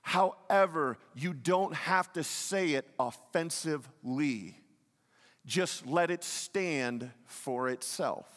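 A man's voice: a little high, slow pace, a bit bright, big-room sound. A male pastor delivering a sermon, emphatic, asking the congregation questions and repeating key lines. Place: church sanctuary.

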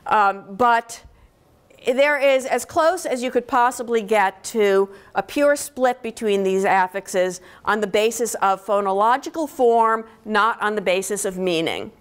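A woman's voice: medium pitch, a little slow, clear, resonant tone. A woman professor giving a university lecture on linguistics, explaining step by step and often checking in with "okay?" between points. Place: lecture hall.

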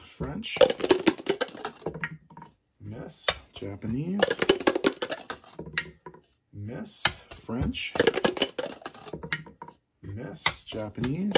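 A man narrating his own board game turn by turn, calling out each dice roll in a steady, methodical way. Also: mid-range voice, creaky. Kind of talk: play-by-play board game commentary. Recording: loud background noise.

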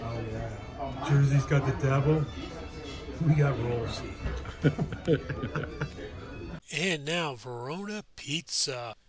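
A man's voice: mid-range voice, takes it slowly, pauses often, over loud music. A man hosting a casual food-review show, upbeat and joking, with announcer-style callouts.

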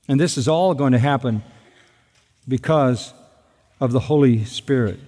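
A man's voice: mid-range voice, measured pace, warm tone. A man preaching an expository sermon as pastor, emphatic and fond of repeating key phrases. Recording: hall reverb.

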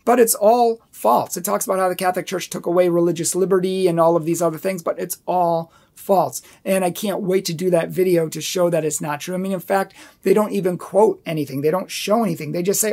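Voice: mid-range voice, steady tone, fairly quick, gravelly, few pauses, mellow. A Catholic apologetics host rebutting a book in an emphatic commentary video, repeating points for stress and challenging viewers directly.

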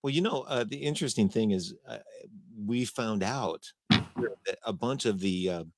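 A man hosting a casual conversation, talking in a halting way and often restarting his sentences. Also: on the low side, noisy background. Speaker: host.

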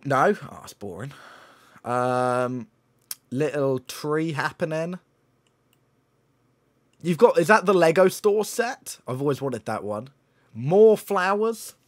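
A young man, live-streaming and teasing viewers in excitable, joking banter. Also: a little high, slow pace, long pauses. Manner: teasing, excitable, swears and laughs often. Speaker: livestreamer. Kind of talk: casual live-stream commentary.

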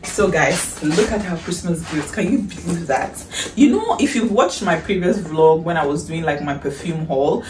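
A woman with a Nigerian accent chatting in a casual haul vlog, excitable and gushing, breaking into shrieks and breathy exclamations. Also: fairly low pitch, normal speed. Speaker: vlogger. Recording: echoey room, distant mic, faint hiss.

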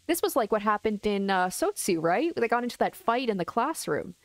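A woman's voice: mid-range voice, very animated, a little fast, hardly any pauses, no echo. A woman reading a visual novel aloud and reacting casually between passages, with exclamations and musing asides. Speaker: let's play host.

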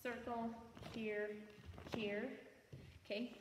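A woman's voice: a little high, level tone, slow. A woman walks a group through a routine, scatting the music and counting beats aloud as she works out each move. She is caught from a distance in a big, echoey indoor space with a long reverb tail and plenty of background noise. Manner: thinks aloud, hums the beats, counts out loud. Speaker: color guard choreography instructor. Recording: roomy, echoey, from far off, noisy.

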